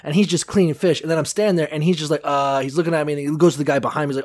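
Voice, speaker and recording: A man's voice: a little high, very fast, hardly any pauses. A man co-hosting a casual podcast about the Bible, swearing freely and acting out the people in his stories. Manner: animated storyteller, acts out quotes. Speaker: podcast co-host. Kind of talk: casual profane Bible-reading chat.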